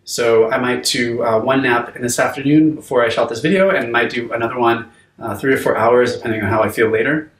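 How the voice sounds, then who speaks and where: A man's voice: mid-range voice, fairly even intonation, a little fast, reverberant, far from the mic. A man teaching a video course on sleep, talking conversationally with frequent fillers and restarts. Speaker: course instructor. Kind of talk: unscripted video lesson.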